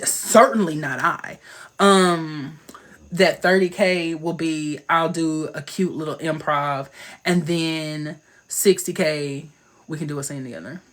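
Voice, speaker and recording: A man hosting a casual livestream chat, playful and slangy, talking into his phone with quick asides. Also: a little high, fairly bright tone. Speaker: livestream host.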